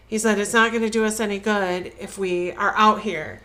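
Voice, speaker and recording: A woman's voice: medium pitch, steady tone, normal speed, hardly any pauses, bright, forceful tone. A woman co-hosting a podcast, casually retelling a film's plot and acting out the characters' lines. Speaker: podcast co-host.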